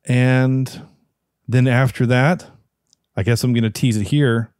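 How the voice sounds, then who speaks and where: Male podcast host, mid pitch, dry close sound, eager rambling chat. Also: steady tone, slow pace, darkish tone, no echo. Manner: enthusiastic, rambling with restarts. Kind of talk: casual chat.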